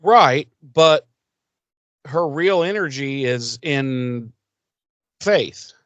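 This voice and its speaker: A man co-hosting a podcast, chatting about a TV episode in an animated, jokey way. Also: medium pitch, dry recording. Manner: animated, jokey, quick asides. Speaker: podcast co-host. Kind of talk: casual recap chat.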